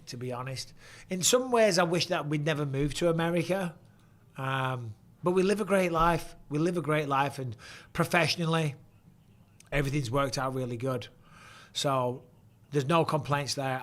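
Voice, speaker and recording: A middle-aged man with a northern English accent, hosting a live watchalong and chatting casually with viewers, blunt and quick to swear. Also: mid-range voice, fairly bright tone. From England. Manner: casual and blunt, swears freely, reads viewer questions aloud. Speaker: host.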